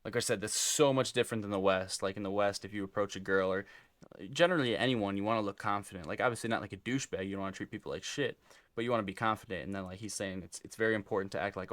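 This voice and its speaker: A man's voice: fairly low pitch, very fast, fairly bright tone, no echo. A young man rambling loosely through casual reaction commentary, with many fillers. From United States. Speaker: reaction video host.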